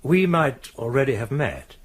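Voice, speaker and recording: An actor playing a measured, quietly authoritative man in a radio drama, who speaks with careful, slightly hesitant calm. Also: mid-range voice, slightly rough. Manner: measured, hesitant, gently mediating.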